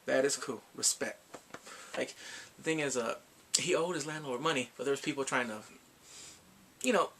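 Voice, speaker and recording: A man casually reviewing a TV series in slangy, animated chat, laughing often. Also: medium pitch, slight background noise. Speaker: show reviewer.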